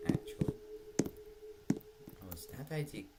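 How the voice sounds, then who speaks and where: Low, slow, half-whispering woman streamer. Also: huge pitch swings. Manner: mumbled, mostly whispered asides; thinks aloud while reading in-game text. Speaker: gameplay streamer. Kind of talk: casual gameplay commentary. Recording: loud background noise.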